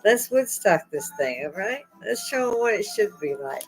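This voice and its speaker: A woman's voice: medium pitch, very animated, moderate pace, faint music behind, rough recording. A middle-aged woman talking casually to her viewers. She is in pain and close to tears, but keeps laughing and cracking wry, irreverent jokes. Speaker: vlogger hosting her own channel. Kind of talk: casual rambling chat to viewers.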